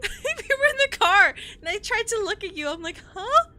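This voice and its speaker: A woman's voice: extremely high pitch, very animated, moderate pace, sharp tone. A young woman streaming a game, chatting casually with a friend and reading game text aloud, laughing often and swearing. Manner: giggly, swears, laughs hard.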